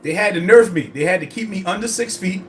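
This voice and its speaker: A man's voice: high-pitched, quick pace, slight background noise. Rambling, profane man vlogging casually. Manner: rambling, profane, animated storytelling. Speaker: fitness vlogger. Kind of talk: casual chat.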